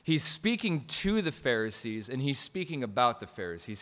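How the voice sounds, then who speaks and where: A man's voice: mid-range voice, animated, normal speed, hardly any pauses, fairly bright tone, big-room sound. A male pastor preaching a sermon, emphatic, pushing key phrases up and restarting mid-sentence.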